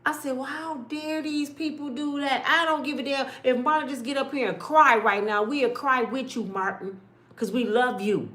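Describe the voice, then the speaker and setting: A woman's voice: high-pitched, normal speed. Middle-aged woman vlogger, impassioned storyteller, home room with echo. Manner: impassioned, swings from quiet and tired to loud and exasperated. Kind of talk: casual storytelling vlog. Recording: echoey room.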